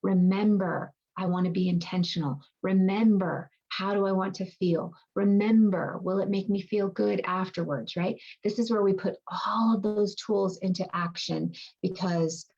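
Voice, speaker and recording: A woman's voice: mid-range voice, fairly even intonation, moderate pace, few pauses, darkish tone, lo-fi sound. A woman wellness coach talking casually to her group, reassuring and thinking aloud, often checking in with "right?". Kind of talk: casual online coaching talk.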